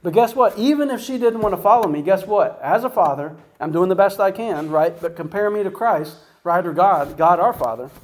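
A man's voice: high voice, lively intonation, brisk, hardly any pauses, rough recording. A man giving an informal Bible teaching in a conversational way, often asking "right?" and "guess what?" to the listener. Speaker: preacher.

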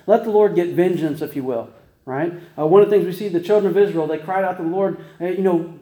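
A preacher tumbles quickly through stories in a casual, folksy sermon, full of restarts and rhetorical "right?" asides. His voice is a touch high but mellow and warm, and the room rings with noticeable echo.

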